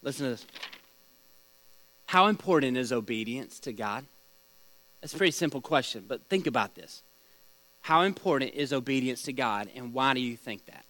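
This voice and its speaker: A man's voice: mid-range voice, lively intonation, moderate pace, long pauses, fairly bright tone, dry recording, low-quality recording. A man leading a small-group Bible study, teaching in a conversational way, asking the group questions and telling stories.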